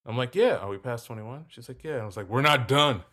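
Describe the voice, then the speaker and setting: A man's voice: medium pitch, fast talker. A man telling a story in casual talk, acting out both sides of a conversation. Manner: animated, acts out both sides of dialogue.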